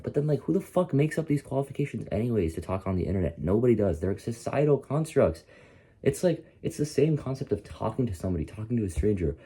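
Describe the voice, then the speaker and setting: Groggy 20yo guy rambling and swearing at the camera, deep husky voice. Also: sing-song, fast talker, mellow. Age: 20s. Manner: casual, profane, rambling with slang fillers. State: groggy and tired. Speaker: content creator. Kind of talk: casual motivational vlog.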